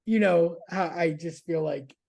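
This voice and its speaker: A man's voice: a little high, a little slow, a little mellow. A man chatting casually as a podcast's regular news contributor, rambling, laughing and swearing freely.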